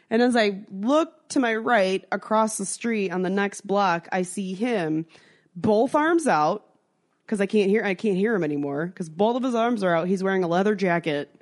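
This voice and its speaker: Woman podcast host telling a crazy story, swears a lot, does everyone's voices, mid pitch. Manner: animated, swearing, acts out voices in her story. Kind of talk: casual storytelling chat.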